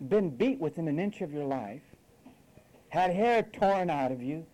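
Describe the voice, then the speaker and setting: A man's voice: a little high, animated, a little slow, dark tone, rough recording. A man preaching a sermon, scolding and sarcastic, acting out quoted voices as he goes.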